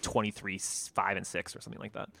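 A man's voice: fairly low pitch, level tone, fast talker, gravelly, bright, forceful tone, dry recording. A laid-back man co-hosting a casual sports talk show, chatting loosely with many fillers. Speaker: podcast co-host. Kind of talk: casual chat.

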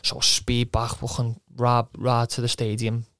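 Young footballer, chatty storyteller who swears, monotone voice, dry studio mic. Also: male voice, medium pitch, moderate pace, dry recording. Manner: rambling, swears, quotes himself, laughs often. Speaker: footballer guest. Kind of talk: casual anecdote.

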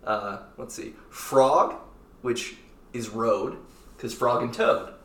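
A man's voice: mid-range voice, a bit bright, far from the mic. A man hosting a casual podcast and running a quiz game, playful and jokey. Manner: playful, jokey, quick asides. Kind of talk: casual chat. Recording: echoey room, off-mic.

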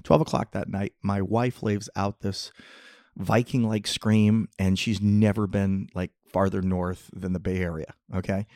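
A man's voice: deep voice, level tone, a little slow, darkish tone, dry recording, studio quality. A middle-aged man hosting a podcast, telling long rambling jokey stories in casual chat. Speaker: podcast host. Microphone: podcast mic, close.

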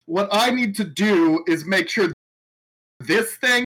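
A man playing a tabletop horror game, excitedly laying out his character's plan and laughing as he talks. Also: high-pitched, slow, a loud crowd, rough recording. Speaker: player. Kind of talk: tabletop game play, casual banter.

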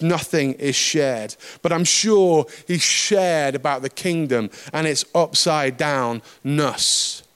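A man preaching a sermon in a conversational, lively way, with asides and touches of humor. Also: fairly high pitch, smooth.

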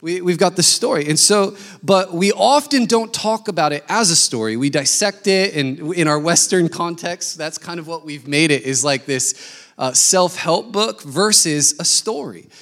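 A man preaching a sermon, telling a lively story and acting out the people in it. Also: fairly high pitch, normal speed. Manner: animated storytelling, acting out quoted voices. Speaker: pastor.

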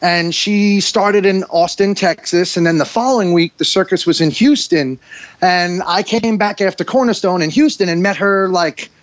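A man's voice: high-pitched, normal speed, no room sound. A man in his forties with a New York accent, chatting casually as a podcast guest in a rambling, laid-back way. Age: 40s. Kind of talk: casual chat. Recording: dull dry lo-fi sound.

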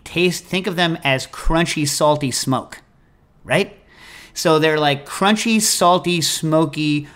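A man whose voice is on the high side hosts a food call-in show. He chats casually and answers listener questions in an opinionated, animated, digressive way.

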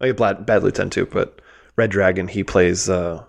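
A man's voice: low voice, fairly even intonation, moderate pace, vocal fry. A man co-hosting a podcast, chatting loosely about a film and laughing easily. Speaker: podcast co-host. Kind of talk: casual movie discussion.

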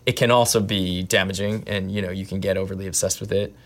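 A man, an actor, answering interview questions in an animated, thoughtful way that often restarts mid-thought. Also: low voice, fast. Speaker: actor guest. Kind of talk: conversational interview.

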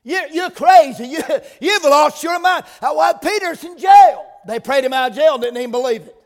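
High-voiced preacher in a reverberant church. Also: male voice, lively intonation, normal speed. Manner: builds from quiet prayer to loud emphatic preaching. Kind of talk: sermon. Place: church sanctuary. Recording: long reverb of a church hall.

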